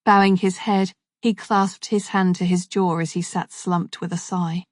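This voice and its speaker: A woman reading a thriller story aloud in steady, measured scripted narration. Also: fairly low pitch, dry recording, clean studio sound.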